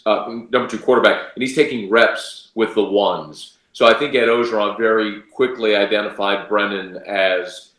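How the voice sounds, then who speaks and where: A man's voice: lowish voice, a bit bright, reverberant. A man giving confident, emphatic college football analysis as a radio sports guest. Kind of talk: casual sports talk analysis.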